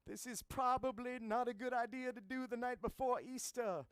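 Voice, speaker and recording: A man's voice: very high-pitched, normal speed, noisy background, pitched above the performer's own voice. A man putting on the voice of a hammy Sunday preacher asking for donations, drawing out his words in a pleading cadence. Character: hammy Sunday preacher passing the collection plate.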